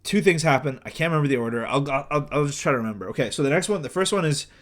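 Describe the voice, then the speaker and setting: A man's voice: a little high, animated, rapid-fire. Rambling young man retelling gossip. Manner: rambling, full of fillers and acted-out quotes. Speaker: podcast co-host. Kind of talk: casual chat, retelling celebrity gossip.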